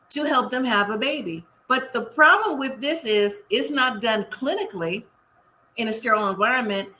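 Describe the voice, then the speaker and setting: Woman, recap host, bright and chatty, opinionated, higher voice. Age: middle-aged. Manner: chatty, opinionated, quotes the cast in lively voices. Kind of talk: casual TV recap commentary.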